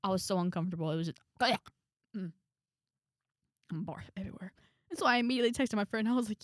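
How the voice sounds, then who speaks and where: A young woman tells a story straight to camera in a casual, chatty vlog. Her voice sits mid-range and swings up high for dramatic quoted asides, then sinks to a near mutter. The sound is close and dry. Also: fast talker, long pauses, dry recording. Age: young adult. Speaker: vlogger.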